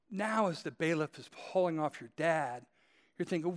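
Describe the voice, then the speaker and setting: A man with a fairly high voice preaches a sermon. He tells his points as a story, speaking straight to the people listening and repeating key phrases to drive them home. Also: normal speed. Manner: conversational storytelling, addressing listeners directly. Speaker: pastor.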